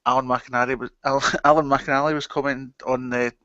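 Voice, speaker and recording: Chill guy cohosting a stream, bright tone, dry close sound. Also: medium pitch, level tone, quick pace, clear, resonant tone, no room sound. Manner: laid-back, short replies. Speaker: livestream co-host. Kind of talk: casual chat. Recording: dull, lo-fi stream audio.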